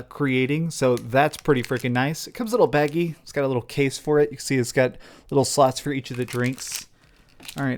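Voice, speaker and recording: A young man hosting a game review and unboxing vlog, talking with gushing, animated enthusiasm. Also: medium pitch. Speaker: game reviewer and channel host.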